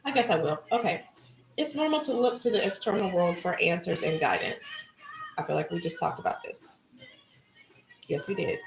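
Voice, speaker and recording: A middle-aged woman musing about spirituality and reading cards in a relaxed, conversational way. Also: lowish voice, a little fast, reverberant, background noise. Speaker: spiritual card reader. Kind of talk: casual spiritual talk.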